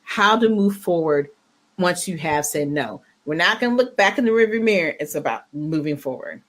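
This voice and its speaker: A woman's voice: lowish voice, animated, normal speed, a bit bright. A woman co-hosting a casual podcast, upbeat and talkative, with many fillers and restarts. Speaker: podcast co-host.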